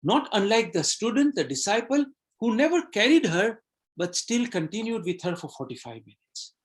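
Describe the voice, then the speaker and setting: An earnest man leads a motivational webinar in a fairly high voice for a man. He tells a fable, then repeats its lesson in phrases that speak directly to the listener. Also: sing-song, normal speed. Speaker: webinar trainer. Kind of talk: motivational talk with storytelling.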